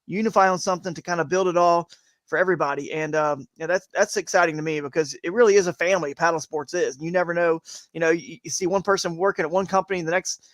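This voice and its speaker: A talkative man with a fairly high voice co-hosts a live stream, rambling through his points with quick restarts. His voice is recorded close and dry. He keeps an easy, casual chat going. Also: fairly even intonation, a bit bright, no echo. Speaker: co-host of a kayak fishing live show.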